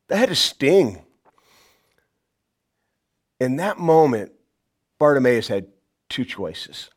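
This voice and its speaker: A pastor preaching a sermon, shouting some lines and dropping to a hushed voice on others. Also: male voice, sing-song, slow, long pauses, husky. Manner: dynamic preaching, swings from loud shouts to hushed low lines.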